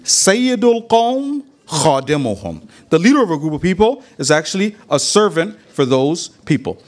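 A man giving a religious talk, retelling a story with lively quoted dialogue and Arabic religious phrases. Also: on the high side, fairly quick. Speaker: religious lecturer. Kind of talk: sermon with storytelling.

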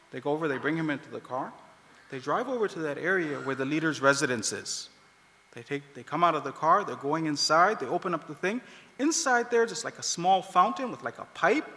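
A man's voice: sits high, fairly quick. A man preaching a sermon, telling a story animatedly and acting out the voices of the people in it. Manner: animated, acts out quoted voices. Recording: long hall reverb.

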